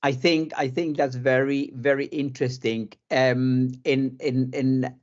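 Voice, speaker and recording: A man's voice: medium pitch, little pitch movement, unhurried, muffled recording. A male surgeon with a South American and British accent, explaining things in a live Q&A while often repeating words as he searches for them. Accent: South American mixed with British. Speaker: cardiac surgeon guest. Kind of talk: live Q&A interview.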